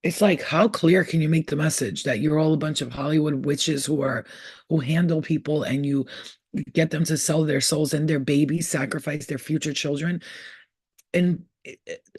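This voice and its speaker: A man's voice: a little high, fairly even intonation, moderate pace, breathy edge, dry recording, studio quality. A young man in a casual, rambling monologue who talks in a profane, conspiratorial way as a spiritual vlogger.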